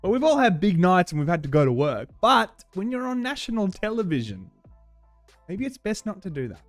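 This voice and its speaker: Brief: Australian male streamer, rambly and animated, swings all over in pitch. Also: a little fast, dry recording, faint music behind. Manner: rambling, restarts, animated outbursts. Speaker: livestream host. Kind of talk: casual live chat reading viewer comments.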